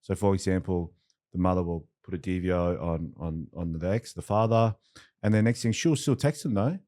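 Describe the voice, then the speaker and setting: A man hosting a podcast, talking casually and getting animated when he tells stories. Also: deep voice, brisk, no echo, clean studio sound. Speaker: podcast host. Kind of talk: interview conversation.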